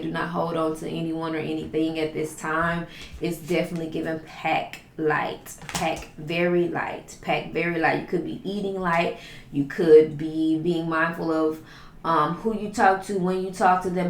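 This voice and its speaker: A woman's voice: on the low side, roomy sound. A woman giving a spiritual tarot reading in a flowing, repetitive, affirming way, stacking up lists of phrases. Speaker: tarot reader.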